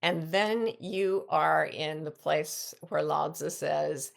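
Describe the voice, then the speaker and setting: Older woman with a gravelly low voice. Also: slow pace. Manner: animated storyteller, restarts mid-sentence. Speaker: podcast host and life coach. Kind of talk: reflective casual talk.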